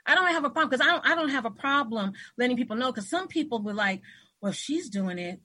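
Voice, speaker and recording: Husky-voiced woman telling animated stories. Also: sits high, quick pace. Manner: animated storyteller, acts out quoted voices. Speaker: host. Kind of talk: casual interview conversation.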